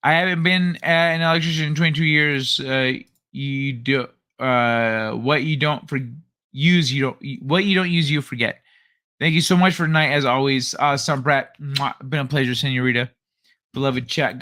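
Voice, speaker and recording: A man's voice: medium pitch, pushed and bright. A middle-aged man hosting a late-night livestream, chatting loosely with his viewers, joking and swearing freely. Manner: loose, profane, joking with chat. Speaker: livestream host. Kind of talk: casual late-night stream chat.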